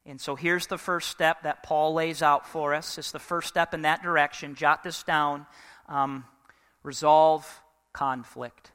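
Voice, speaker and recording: A man preaching in a church sanctuary, his high, bright voice carrying a long reverb tail. He speaks smoothly and clearly, with fired-up energy, and keeps prompting the congregation to answer back. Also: a little slow. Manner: energetic, call-and-response with congregation. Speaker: pastor. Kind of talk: sermon.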